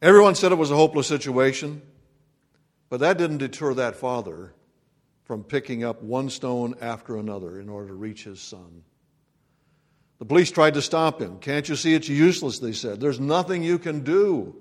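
A man preaching a sermon as pastor, swinging between loud proclamation and hushed, quiet lines. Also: medium pitch, expressive, normal speed. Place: church sanctuary. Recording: long reverb of a church hall.

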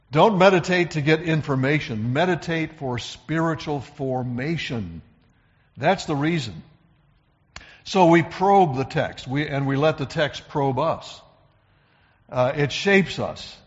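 A man's voice: medium pitch, long reverb tail, highs cut off. A man preaching a sermon in an earnest, emphatic way, often repeating words as he builds a point. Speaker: pastor.

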